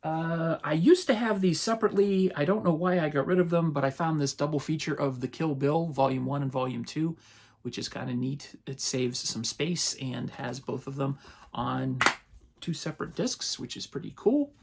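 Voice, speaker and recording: Gravelly fifties man chatting about films. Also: fairly high pitch, normal speed. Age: 50s. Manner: relaxed, rambling, chuckles often. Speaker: movie channel host. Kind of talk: casual haul rundown.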